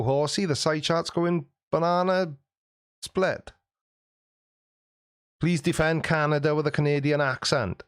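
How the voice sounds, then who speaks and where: A man's voice: on the high side, normal speed, smooth, no room sound, clean studio sound. A man hosting a live stream, casually reading out viewer comments with cheeky jokes and frequent laughs. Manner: jokey, cheeky, laughs often.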